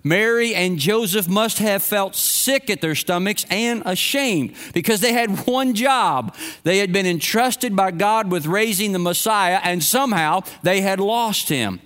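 A man's voice: high-pitched, a little slow, fairly bright tone, clean tone. A middle-aged male pastor giving a sermon and telling stories in a conversational way. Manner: storytelling, conversational preaching.

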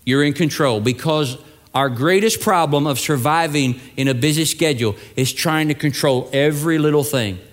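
A male pastor with a slightly high voice preaches at a moderate pace, telling stories and acting out the voices of the people in them. His delivery builds to emphatic peaks.

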